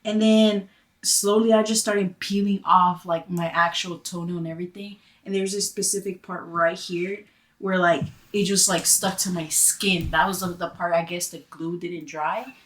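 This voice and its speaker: A woman's voice: lowish voice, normal speed. A woman guest on a podcast, telling a story in casual, profane chat, full of fillers. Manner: animated, profane, heavy use of "like".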